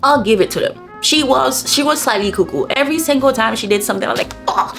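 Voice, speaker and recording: A woman's voice: fast, vocal fry, over music. Gushing young woman chatting about books. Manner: animated, gushing, swings between low murmurs and excited high bursts. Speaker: vlogger. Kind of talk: casual chat.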